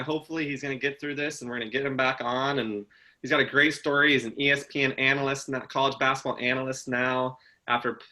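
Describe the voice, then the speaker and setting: Bright-voiced playful male co-host. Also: mid-range voice. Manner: playful, sing-song repetition. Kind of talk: casual live-stream chat.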